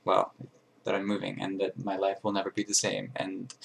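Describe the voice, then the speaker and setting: A man's voice: deep voice, completely flat delivery, moderate pace, creaky. A young man chatting casually to his camera in a bedroom, playful and self-mocking. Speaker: vlogger. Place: small bedroom being emptied.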